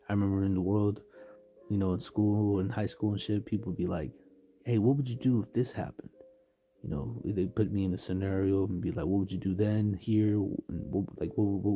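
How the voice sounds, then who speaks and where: A man's voice: on the low side, fairly even intonation, moderate pace, mellow, soft background music. A man from San Diego giving a casual spoken devotional on a livestream, rambling with many fillers and street slang. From San Diego, California. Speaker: livestream preacher.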